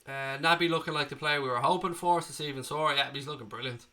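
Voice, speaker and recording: A man's voice: a little high, fast, sharp tone. Chatty Irish man with a cold. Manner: chatty, swears freely, calls viewers mate. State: has a cold. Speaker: livestream host reading chat. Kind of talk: casual live chat.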